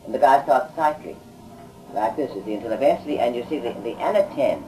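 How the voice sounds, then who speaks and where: A man's voice: mid-range voice, expressive, quick pace, mellow, faint music behind, rough recording. A man recounting his past work as an auditor in a rambling, conversational way, often adding "you see.". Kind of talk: anecdotal recorded talk.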